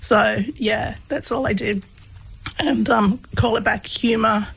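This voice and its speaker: A woman tells a personal story in a relaxed, halting way, pausing often on fillers. Her voice sits a little high, with a husky, gravelly texture. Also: poor audio. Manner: hesitant, many fillers, laughs while telling. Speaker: guest, researcher of comedy.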